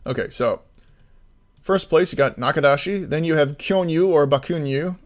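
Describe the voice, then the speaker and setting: A man's voice: on the high side, moderate pace. A man streaming as an indie game developer, ranting with free swearing and then explaining things in casual chat. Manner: swears freely, animated ranting storyteller; slides into explanatory commentary.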